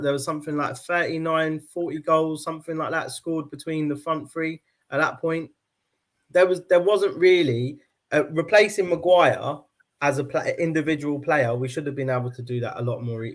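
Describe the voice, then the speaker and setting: A man on a fan panel, making his point in halting bursts and often checking "right?". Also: on the high side. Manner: halting, restarts often, keeps asking "right?". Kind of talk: casual debate chat.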